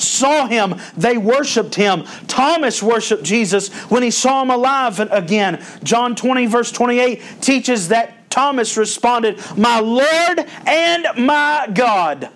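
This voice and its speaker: A man's voice: very high voice, measured pace, hardly any pauses. A male pastor preaching a sermon, folksy and storytelling, rising in emphasis when he quotes scripture.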